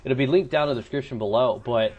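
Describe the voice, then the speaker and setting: A man's voice: medium pitch, quick pace, breathy edge, highs cut off, soft background music. A young man doing casual gameplay commentary, telling crude stories in a joking, rambling way and swearing a lot. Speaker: gaming commentator and streamer.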